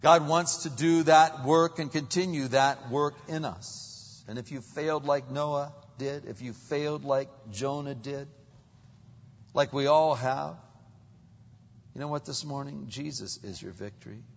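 Male pastor, husky, preaching with big loud-to-hushed swings; dull, reverberant church recording. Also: medium pitch, unhurried. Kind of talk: sermon. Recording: dull, long-reverb hall sound.

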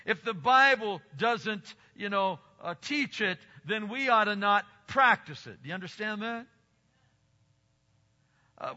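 An older male pastor preaches with a bright, slightly high voice, his delivery rising into forceful exclamations and dropping into quiet asides. The recording sounds dull and muffled, and a long reverb trails behind his words. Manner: emphatic, swinging between loud exclamations and quiet asides. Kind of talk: sermon. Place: church sanctuary.

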